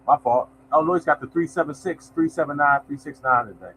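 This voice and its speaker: A man hosts a lottery numbers show, talking casually to his livestream viewers as y'all and reading out numbers. His voice sits on the high side, a little fast and a bit bright, in a rough recording with slight hiss or hum.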